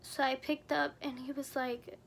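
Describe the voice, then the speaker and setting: A woman's voice: high voice, little pitch movement, a little slow, gravelly. A young adult woman vlogger telling a personal story in an earnest, somber way, full of casual fillers. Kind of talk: storytime narration.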